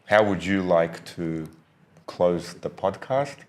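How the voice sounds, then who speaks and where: A man's voice: deep voice, animated, takes it slowly, darkish tone. A man co-hosting a teachers' podcast, chatting casually and loosely. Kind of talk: casual chat.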